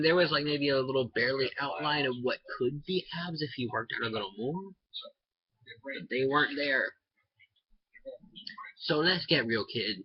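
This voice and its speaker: A man's voice: medium pitch, slightly rough, dry recording. A young man in his teens ranting in a rambling, indignant vlog monologue, his voice jumping up sharply when he gets worked up. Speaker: vlogger. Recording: dull lo-fi recording.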